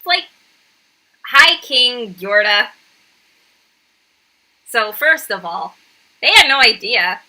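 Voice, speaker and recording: A woman streamer riffs over a video in casual, sarcastic commentary. Her voice is bright and leaps around in pitch as she reacts in disbelief. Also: very animated, slow, pauses often. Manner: incredulous, sarcastic.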